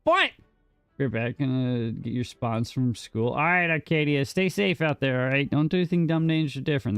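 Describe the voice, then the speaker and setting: In casual live gameplay chat, a man trades banter with his viewers, playfully defensive as he teases them and swears a bit. His voice is mid-range, with no echo.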